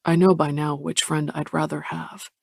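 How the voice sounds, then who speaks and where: A man reading a romance audiobook in the first person, measured and introspective. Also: on the high side, little pitch movement, creaky, a little mellow, dry recording, clean studio sound. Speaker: audiobook narrator. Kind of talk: first-person scripted narration.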